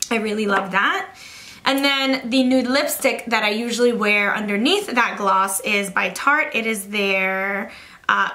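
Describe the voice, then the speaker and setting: A woman's voice: medium pitch, pushed and bright. A young woman chatting casually in a makeup review vlog, gushing and filling her talk with "like" and "literally", a little out of breath. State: slightly out of breath. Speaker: beauty vlogger.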